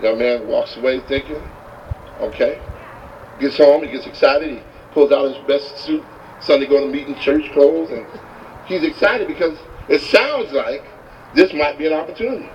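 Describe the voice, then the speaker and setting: A man giving a motivational talk, telling a story with animated delivery and acting out the characters, recorded from a distance with dull sound. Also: a little high, moderate pace. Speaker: motivational speaker. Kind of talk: storytelling speech. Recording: distant, dull, faint hiss.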